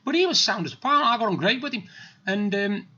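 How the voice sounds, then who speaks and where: Bright-voiced, husky man. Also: high voice, expressive, fairly quick, highs cut off. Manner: plain-spoken, rambling, blunt. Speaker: vlogger. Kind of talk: casual storytelling monologue.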